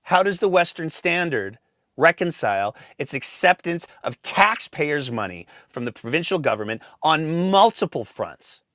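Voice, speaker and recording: A man's voice: a little high, a bit bright, no echo, studio quality. A man hosting a show, reading scripted political commentary in a pointed, sarcastic manner. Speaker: host.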